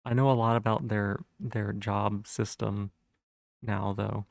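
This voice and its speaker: A man's voice: fairly low pitch, flat delivery, takes it slowly, creaky, no echo. A man chatting casually on a live stream, rambling with lots of fillers and restarts.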